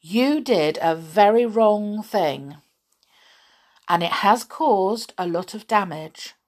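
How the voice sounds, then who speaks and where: A woman voicing a kindly male teddy bear, speaking low, slow and gentle. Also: animated.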